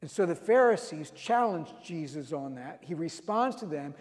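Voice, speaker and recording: Guy preaching, tells the bible stories with a high-ish voice, long church reverb. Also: lively intonation, moderate pace, darkish tone. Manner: storytelling, reads scripture aloud with emphasis. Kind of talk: sermon.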